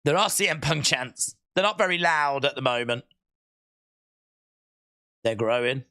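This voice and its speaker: Watch-along streamer, lively swooping delivery, unhurried, bright tone, shouty bursts. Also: medium pitch. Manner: excitable, bursts into shouts and laughter. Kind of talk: live reaction commentary.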